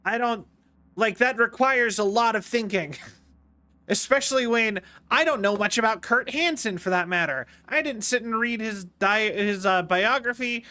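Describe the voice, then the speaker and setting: Young male streamer, casual game talk, playful and rambling, bright, clean high voice. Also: moderate pace. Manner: rambling, self-interrupting, playful. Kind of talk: casual gameplay commentary.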